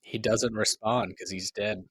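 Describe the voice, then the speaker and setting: Male game master for a tabletop game, low and punchy, casual narrating. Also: fairly even intonation, a little slow, fairly bright tone, breathy edge, no room sound. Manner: laid-back, chuckling narration with fillers.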